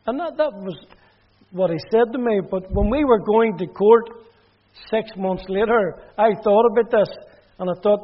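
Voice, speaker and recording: High-voiced Northern Irish man preaching. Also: moderate pace. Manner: plain storytelling that drops quiet and low in sad parts. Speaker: preacher giving testimony. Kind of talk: testimony sermon storytelling. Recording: dull muffled recording.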